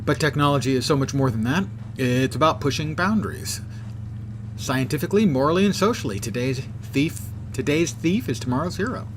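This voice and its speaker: A man's voice: fairly high pitch, lively intonation, fairly quick, background noise, voice pushed up, close to an everyday voice. A man voicing an arrogant, greedy male businessman who talks down to others in a game. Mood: smug. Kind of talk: reading game dialogue aloud.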